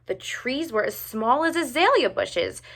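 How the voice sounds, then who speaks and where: A woman reading a picture book aloud with expressive, animated narration. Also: fairly high pitch, measured pace. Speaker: storyteller.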